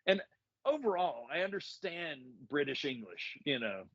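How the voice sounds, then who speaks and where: Podcast co-host: American man, high-ish and bright, loose rambling delivery, dry lo-fi recording. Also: moderate pace, no room sound. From United States. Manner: animated, laughs often, rambling asides. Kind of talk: casual chat. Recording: dull lo-fi dry sound.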